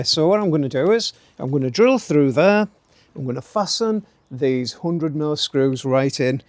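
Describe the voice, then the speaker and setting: A man's voice: medium pitch, dry recording. A middle-aged man, talking casually through a DIY build outdoors and tossing in jokey asides and tag questions like "eh?". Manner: chatty, jokey, fond of tag questions like "eh?" and "don't you?". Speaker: DIY channel host. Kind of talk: casual DIY how-to narration. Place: outdoor garden workspace, light rain.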